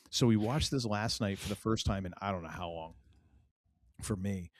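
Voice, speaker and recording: A man's voice: low-pitched, fairly even intonation, normal speed, no echo, studio quality. A middle-aged man from New England, co-hosting a podcast in casual, rambling chat full of fillers and restarts. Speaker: podcast co-host.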